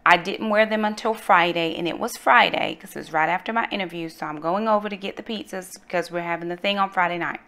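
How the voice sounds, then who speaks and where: Woman, middle-aged, casual vlog storytelling, animated, bright clear tone. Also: lowish voice, fast talker, hardly any pauses. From North Carolina, USA. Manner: animated, testifying, addresses viewers as y'all. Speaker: vlogger, mother.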